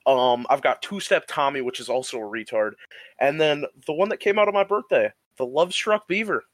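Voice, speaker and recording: A man's voice: fairly high pitch, fairly quick, fairly bright tone, no echo. A young man from Michigan co-hosting a podcast, telling crude stories in a joking casual way. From Michigan, Midwest US. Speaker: podcast co-host. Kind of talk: casual chat.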